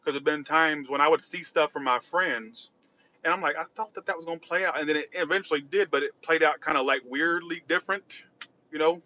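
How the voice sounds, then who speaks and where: A man's voice: on the high side, a little fast, sharp tone, muffled recording. A man chatting casually on a livestream while driving, rambling and reacting to chat. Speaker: tarot reader livestreaming. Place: in a car driving.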